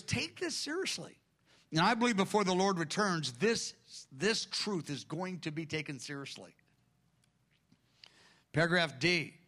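A man delivers a sermon with a high, bright voice. He talks in a loose, conversational way and slips into lively retellings of what others said. The tone stays ringing and forward. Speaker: preacher.

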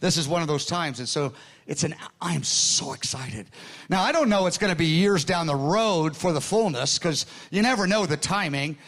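A man in his sixties preaching a sermon, telling stories in an excited, earnest way with frequent restarts. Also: a little high, normal speed. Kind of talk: sermon storytelling.

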